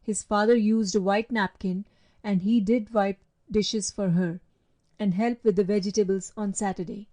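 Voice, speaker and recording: A woman narrating a storybook in a measured, steady reading voice. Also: medium pitch. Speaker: audiobook narrator. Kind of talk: audiobook reading.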